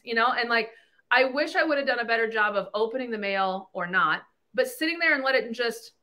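A woman's voice: on the high side, brisk. A woman in her thirties hosting a podcast, telling her story bluntly and candidly, with lots of swearing. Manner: blunt, profane, animated storytelling. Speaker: podcast host. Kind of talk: candid casual talk.

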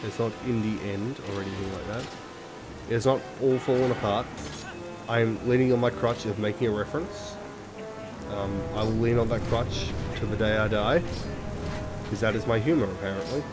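Man, let's play host, low voice, rambles and swears, game music underneath. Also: normal speed. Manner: swearing, self-deprecating, rambling. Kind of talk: rambling gameplay commentary. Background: video game music.

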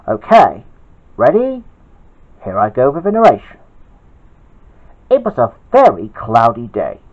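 A man reading his own homemade story aloud, halting and chatty, with asides to his listeners. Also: mid-range voice, wildly swooping pitch, muffled recording. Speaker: storyteller, channel host.

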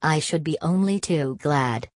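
Give me a woman playing a fiery working-class wife, low voice and fierce. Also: measured pace, dry recording, clean studio sound. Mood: furious. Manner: fierce, cutting retorts.

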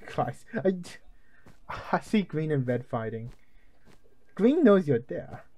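Picture a man chatting over a team game, his voice sitting a little high. He jokes a lot and yelps when a plan falls apart. A faint hiss stays under his talk. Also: takes it slowly. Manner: excitable, jokey, yelps when plans go wrong. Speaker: gamer. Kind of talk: casual gaming chat.

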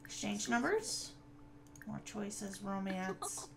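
A woman's voice: mid-range voice, big pitch swings, takes it slowly, vocal fry. A woman giving casual gameplay commentary, chatting to her viewers and scolding the game characters. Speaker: gaming video creator.

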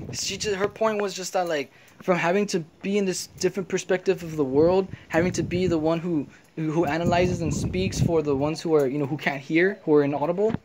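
A man's voice: high voice, slight background noise. A man rambling through a casual vlog monologue, swearing freely and filling his talk with "you know" and "I'm like.". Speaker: vlogger.

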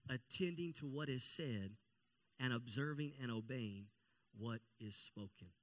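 A male pastor delivering a church sermon at a middle pitch. He repeats key phrases for emphasis and calls on the congregation to say amen. His delivery grows louder and more passionate as he goes.

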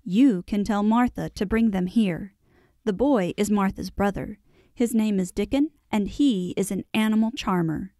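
A woman's voice: medium pitch, a little slow, dark tone, no room sound, clean studio sound, lightly acted. A woman voicing an imperious young boy who gives haughty, lordly commands in a storybook reading. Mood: commanding.

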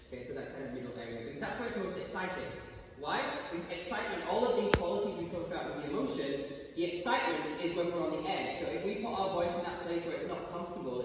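A male voice coach giving a singing workshop, explaining technique in a chatty way and checking in with the room. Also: on the high side. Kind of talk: workshop teaching. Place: large recital hall. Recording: echoey hall from far off, noisy.

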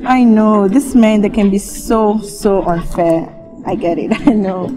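A woman's voice: medium pitch, unhurried, music in the background, natural voice. A woman with a Nigerian accent playing a giggly, chatty single woman catching up with an old friend, in a movie. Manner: giggly, breezy. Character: chatty single young woman, mistress of a married man.

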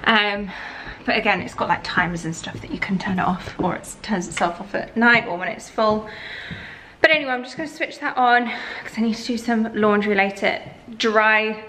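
A woman's voice: medium pitch, normal speed, pushed and bright, slight background noise. A young woman chatting casually in a home vlog, rambling and going off on tangents. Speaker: lifestyle vlogger. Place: at home, indoors.

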